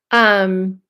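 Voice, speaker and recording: A woman from Los Angeles, a medium and host of her own live stream, chatting loudly and casually with viewers and reading out their comments. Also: mid-range voice, clean tone. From Los Angeles, USA. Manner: loud, chatty, trails off and restarts, laughs often.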